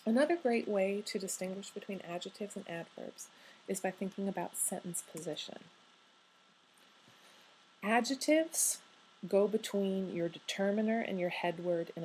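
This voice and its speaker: A woman lecturing on grammar in a relaxed, wry way, pausing to ask her students questions. Her voice sits at a middle pitch. A faint hiss and some room ambience run underneath. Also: rough recording. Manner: wry, conversational, asks rhetorical questions. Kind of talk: recorded lecture.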